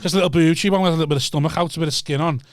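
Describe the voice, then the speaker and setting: Fast-talking co-host, rambling sweary storyteller. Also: male voice, on the high side, steady tone, no echo, studio quality. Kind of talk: casual banter.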